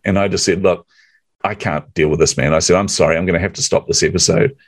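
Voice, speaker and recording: A man hosting a podcast, telling a story in casual chat, acting out quotes with lively animation and laughing often. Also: low voice, fast talker, dry recording.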